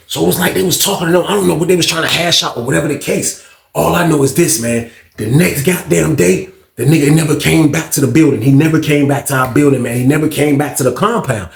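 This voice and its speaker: Animated man telling a slangy story. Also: on the high side, vocal fry. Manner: animated, acts out voices, slangy and profane. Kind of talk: casual storytelling. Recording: roomy echo.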